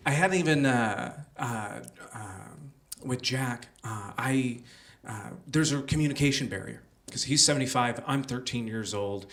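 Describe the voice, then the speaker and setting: A young man tells a personal story live on a small theater stage. His voice sits at an ordinary middle pitch, and he speaks through a stage microphone. He keeps it loose and conversational, with plenty of "like" and "uh" along the way. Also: a bit bright. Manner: conversational, filler-heavy with many "like" and "uh".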